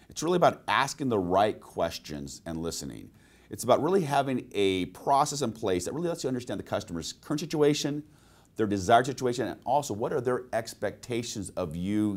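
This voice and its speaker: A man's voice: lowish voice, a little mellow. A man presenting a sales training webinar, telling personal anecdotes and asking his listeners rhetorical questions.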